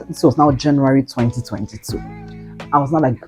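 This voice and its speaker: A young woman in her twenties chats with her viewers as she tells a story, her low, mellow voice growing animated and exclaiming. Faint guitar music plays under her talk. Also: brisk. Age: 20s. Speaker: vlogger. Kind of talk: casual storytelling.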